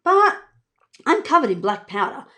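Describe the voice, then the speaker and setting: A woman author reading her children's book aloud in an expressive, playful voice. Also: high-pitched, normal speed. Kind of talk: children's storybook read-aloud.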